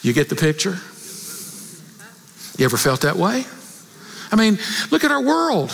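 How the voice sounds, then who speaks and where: A man preaching a sermon, acting out prayers and rising to near shouts. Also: sits high, huge pitch swings, unhurried, creaky, long pauses, long reverb tail.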